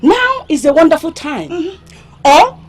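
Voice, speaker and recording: Sharp-tongued village maiden, Nigerian accent, high voice, lively pitch, mocking. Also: female voice, a little slow, noisy background, heavily acted. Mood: taunting. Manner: mocking, confrontational, loud. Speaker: actor. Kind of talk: film drama acting.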